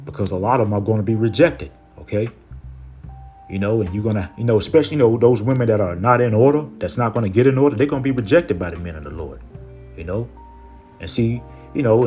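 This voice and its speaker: A man preaching and teaching from scripture, filling his talk with "okay" and "you know" and reading verses slowly and with more force. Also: lowish voice. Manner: reads verses slowly and louder.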